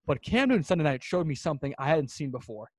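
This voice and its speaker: A man's voice: fairly high pitch, big pitch swings, fast, a little mellow, dry recording. A man co-hosting a sports podcast in casual chat, emphatic and ranting, repeating his points for effect. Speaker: podcast co-host.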